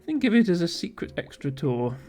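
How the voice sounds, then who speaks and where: A man's voice: a little high, very animated, fairly quick, mellow, faint music behind. A man reading a polite hotel host. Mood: courteous. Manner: reads the lines plainly, no accent.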